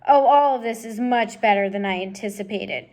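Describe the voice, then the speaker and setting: A woman's voice: fairly high pitch, moderate pace, darkish tone, lightly acted. A woman reading aloud and voicing a cruel old rat who gloats theatrically. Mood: gloating.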